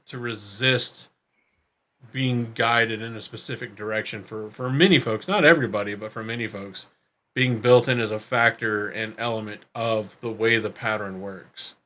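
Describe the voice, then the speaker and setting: A man co-hosting a podcast in casual chat, talking in halting, rambling runs. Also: lowish voice, fairly even intonation, bright, forceful tone. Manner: rambling, halting, with many fillers and restarts. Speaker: podcast co-host.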